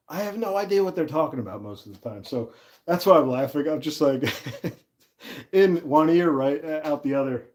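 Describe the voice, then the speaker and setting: A man's voice: fairly high pitch, expressive, normal speed, darkish tone. Chatty man hosting a woodworking livestream. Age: 30s. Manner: chatty, laughs easily, reads and answers chat. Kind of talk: casual livestream chat while working.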